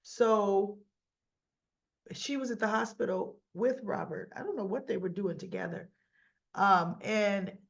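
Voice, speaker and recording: A woman with a rough-sounding voice, casually recapping a soap opera episode and acting out the characters' lines with fillers and self-corrections. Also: mid-range voice, muffled recording. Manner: chatty retelling with quoted dialogue, fillers and self-corrections.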